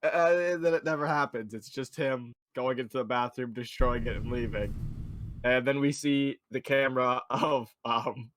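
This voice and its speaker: A man at an ordinary pitch, co-hosting a podcast in loose, rambling casual chat as he retells scenes. A faint hiss of background noise sits under his voice. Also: moderate pace, a bit bright. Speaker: podcast co-host.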